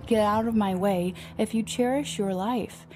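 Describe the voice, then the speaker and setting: A woman's voice: mid-range voice, moderate pace, darkish tone, faint music behind, lightly acted. A woman reading as a furious older lord. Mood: threatening. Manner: harsh, scolding.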